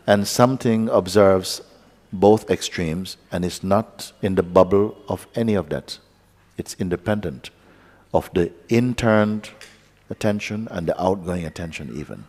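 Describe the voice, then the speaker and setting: Deep-voiced man, spiritual teacher, calm meditative guidance with dry playful asides, long hall reverb. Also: unhurried. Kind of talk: guided meditation talk.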